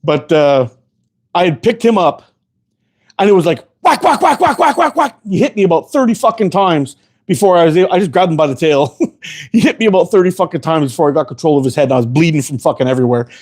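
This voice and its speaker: A man's voice: fairly high pitch, fast, darkish tone. A man hosting a casual show, telling rambling stories full of profanity, often laughing. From Canada. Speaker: host. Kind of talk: casual storytelling chat.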